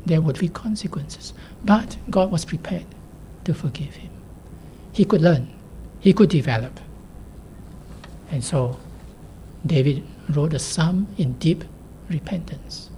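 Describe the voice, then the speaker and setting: Low, mellow-voiced woman preaching. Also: takes it slowly, pauses often, a little hiss or hum. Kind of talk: sermon.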